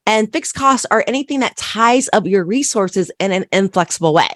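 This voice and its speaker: A woman's voice: medium pitch, animated, moderate pace, dry recording, clean studio sound. A woman accountant hosting a solo business podcast, coaching listeners and repeating key questions with frequent "right?" checks.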